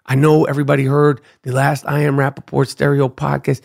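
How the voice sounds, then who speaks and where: A man's voice: medium pitch, monotone, a little fast, vocal fry. A middle-aged man, hosting his own podcast in a brash, profane, trash-talking rant. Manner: loud, brash, trash-talking, repeats "Duke". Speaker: podcast host. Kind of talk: profane ranting monologue.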